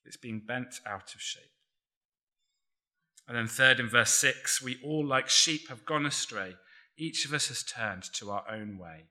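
A man preaching a sermon in a measured, emphatic way, dropping almost to a murmur on key words. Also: medium pitch, sharp tone.

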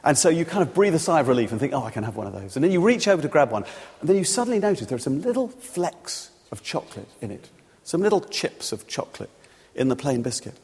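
A man's voice: fairly high pitch, very animated, fast talker, darkish tone, breathy edge. A man preaching a sermon, telling the story and illustrating it with everyday examples. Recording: long reverb of a large hall.

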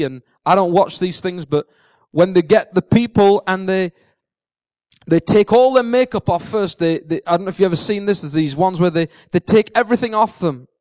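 A man with a very high voice preaches a lively sermon and tells the story vividly, acting out what the characters say and repeating key lines for emphasis. The sound is dry and close, with no room echo. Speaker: pastor.

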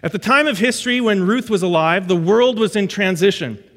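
A man preaching a sermon in an auditorium, telling stories in a lively way with frequent restarts. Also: sits high, fairly quick. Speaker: pastor. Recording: echoey auditorium with long reverb.

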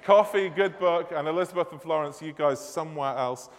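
A man's voice: fairly high pitch, fairly quick, slight background noise. A man in his thirties from Manchester with a Northern English accent, running a playful quiz during a church service, joking with the congregation. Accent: Northern English, Mancunian. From Manchester, England. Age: 30s. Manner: jokey, self-deprecating, chatty with the congregation. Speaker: church minister. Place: church hall or nave. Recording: long church reverb.

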